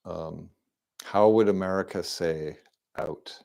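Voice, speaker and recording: Slow, low-voiced man rambling. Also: a little mellow. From Canada. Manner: rambling and repetitive, with frequent restarts and fillers. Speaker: live streamer. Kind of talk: casual rambling stream monologue. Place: at home indoors. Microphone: desk microphone.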